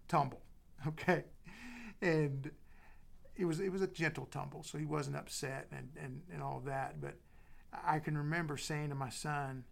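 A middle-aged man preaches with a gravelly, slightly high voice. He sinks into hushed whispers, then builds back up with repeated, emphatic phrases. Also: steady tone, normal speed. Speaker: pastor. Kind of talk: sermon.

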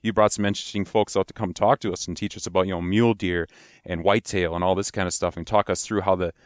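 A man's voice: sits low, steady tone, fast talker, no room sound, clean studio sound. A man from Wisconsin, a guest in a casual interview, talking at length and laughing along.

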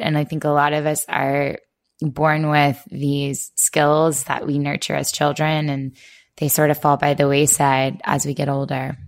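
A woman co-hosting a podcast, chatting in a reflective, casual way. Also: low voice. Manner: chatty, reflective, many likes and restarts. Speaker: podcast co-host.

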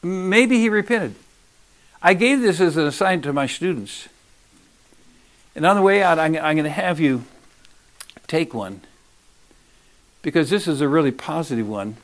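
A man preaching a sermon, emphatic, swinging between loud urging and hushed asides. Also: on the high side, moderate pace, pauses often.

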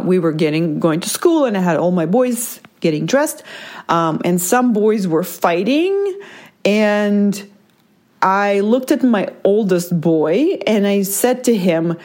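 A mother tells a personal story in a casual, reflective monologue, her voice mid-range, a little mellow, with lively intonation. She keeps checking in with "right?" and "like," speeding up and slowing down within a sentence.

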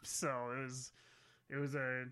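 A man from Spokane, a photographer, chatting casually on a podcast in a halting way and clearing his throat often. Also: mid-range voice, level tone, sharp tone. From Spokane, Washington.

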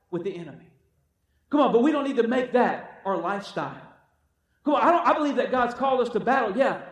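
High-voiced preacher in an echoey hall. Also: male voice. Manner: exhorting, repeats "come on", acts out quotes. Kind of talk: sermon. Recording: echoey room from far off.

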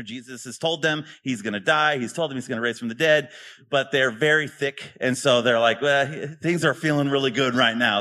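A man preaching a sermon in a relaxed, conversational way, often tossing rhetorical questions to his listeners. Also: medium pitch. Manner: casual, asks rhetorical questions. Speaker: pastor.

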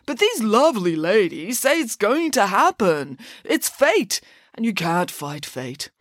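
A woman's voice: medium pitch, sing-song, unhurried, dry recording, clean studio sound. A woman voicing a naive, easily pleased nobleman who chats cheerfully. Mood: chatty.

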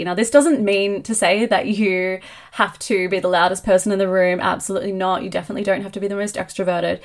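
A woman hosting a solo business podcast, talking in an energetic, emphatic coaching tone. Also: medium pitch. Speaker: podcast host and marketing coach.

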